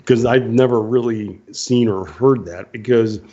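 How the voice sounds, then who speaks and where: Co-hosting an online radio show, a man with a medium-pitched, dark voice speaks unhurriedly, cracking sarcastic, mocking jokes about politics in casual banter. The audio is dull and lo-fi.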